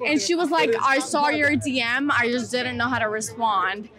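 A woman's voice: sits high, steady tone, bright, forceful tone. A young woman chatting bluntly and profanely in a street interview, outdoors on a busy street. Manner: blunt, profane, fast-talking. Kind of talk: casual street interview chat.

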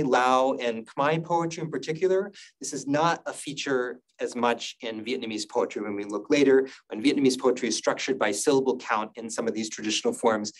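A man giving a university lecture on poetry, halting and thoughtful, with frequent fillers. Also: medium pitch, low-quality recording. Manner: chants verse lines slowly. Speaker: guest lecturer.

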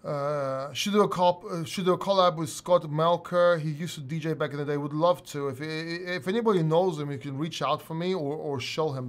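A man's voice: on the high side, normal speed, few pauses. A middle-aged man hosting a casual livestream chat, rambling, swearing and laughing often. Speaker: host.

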